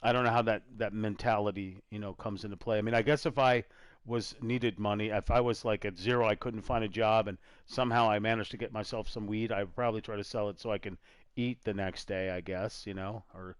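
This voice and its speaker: A man's voice: fairly low pitch, steady tone, fairly quick, clear, resonant tone, dry recording. A man hosting a casual gaming talk show, rambling and trailing off as he talks. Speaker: podcast host. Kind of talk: casual chat while gaming.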